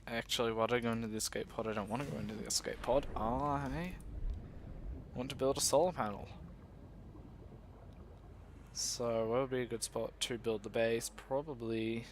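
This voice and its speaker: A man's voice: mid-range voice, moderate pace, pauses often, slight background noise. A young man chatting casually as he plays a survival game, rambling and joking at himself while talking to his viewers. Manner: rambling, self-mocking, talks to viewers. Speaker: gaming video host. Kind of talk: casual gameplay commentary.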